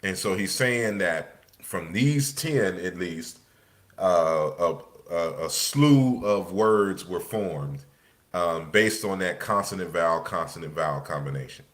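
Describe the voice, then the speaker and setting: A man's voice: sits low, animated, slow pace, fairly bright tone. A man with a casual way of speaking, lecturing over slides in a loose, conversational manner full of restarts.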